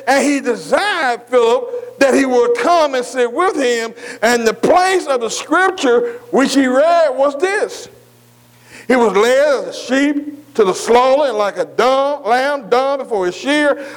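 An extremely high-pitched male preacher reads scripture at a slow, drawn-out pace. Afterward he questions the congregation and keeps repeating phrases to stress them.

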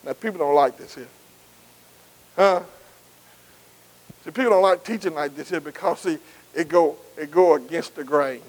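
A man's voice: fairly high pitch, moderate pace, pauses often, darkish tone, low-quality recording. A man. He repeats himself for emphasis and keeps asking the congregation to finish his lines and say they're with him. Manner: call-and-response, asking the congregation to answer; repetitive, emphatic preaching. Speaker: preacher. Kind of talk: sermon.

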